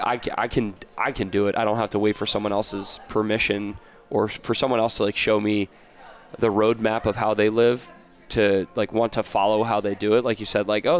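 A man from the United States in casual conversation, with a low-pitched voice. He tells stories in an animated, rambling way, restarting sentences and filling pauses as he goes. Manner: rambling, animated storytelling with many restarts and fillers. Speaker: podcast guest. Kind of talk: casual interview chat.

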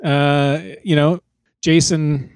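Crude deadpan male podcast co-host. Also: on the high side, slow, smooth, dry recording, studio quality. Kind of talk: comedic podcast banter.

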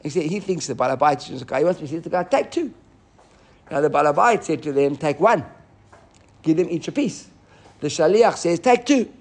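A man teaching a Talmud class, animated and often restarting as he explains. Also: fairly high pitch, fast. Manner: animated, restarts often, mixes Hebrew and Aramaic terms.

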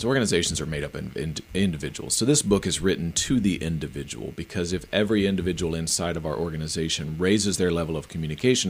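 A middle-aged man, a professional speaker and author, answering interview questions in an earnest, emphatic way. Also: sits low. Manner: emphatic, earnest, explains in practical steps.

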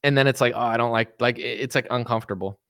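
A man's voice: medium pitch, steady tone, fast, fairly bright tone, no echo, clean studio sound. A young man chatting casually on a livestream about politics, rambling with lots of fillers and mocking impressions. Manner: rambling, many fillers, mimics others mockingly. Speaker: political commentary streamer.

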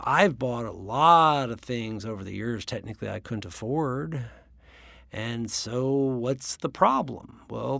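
A man's voice: mid-range voice, creaky, no echo, studio quality. A man hosting a motivational business podcast, telling stories and talking emphatically and directly to his listeners. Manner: emphatic, storytelling, direct address. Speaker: podcast host, business coach.

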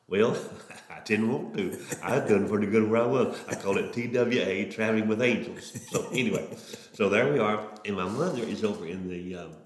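A middle-aged man tells his testimony as a preacher. His voice sits on the low side and he speaks in a folksy, earnest way, stumbling over his starts. The sound carries a roomy echo. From Oklahoma. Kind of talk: testimony storytelling.

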